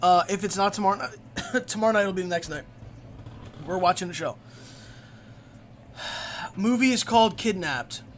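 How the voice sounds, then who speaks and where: Brief: young male streamer, excitable and foul-mouthed, rambling storyteller on a desk mic. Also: sits high, moderate pace, pauses often, slight background noise. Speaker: live streamer. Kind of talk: casual live-stream storytelling.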